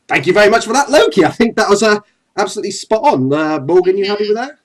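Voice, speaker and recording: A man's voice: high-pitched, animated, fast. A man hosting a casual comedic chat, chatty and giggly, often apologetic. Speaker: host.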